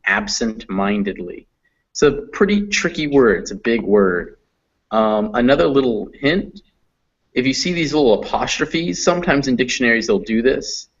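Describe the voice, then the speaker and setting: Male pronunciation teacher, patient and methodical, mid-pitched, slightly dull audio. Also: lively intonation, normal speed. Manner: patient, explains step by step. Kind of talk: online class teaching.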